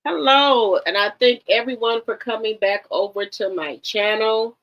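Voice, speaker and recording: Live-stream host, mid pitch, warm greetings on repeat, lo-fi audio. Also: normal speed. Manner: greets viewers one by one with repeated hellos; chatty, with frequent ums and restarts. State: a little tired. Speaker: livestream host. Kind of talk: casual live-stream chat. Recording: slightly dull lo-fi sound.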